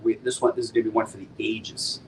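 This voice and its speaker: A middle-aged man, a comic book publisher, chatting casually and excitedly with viewers on a live stream, using laid-back slang. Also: fairly low pitch, fast talker, a little hiss or hum, poor audio.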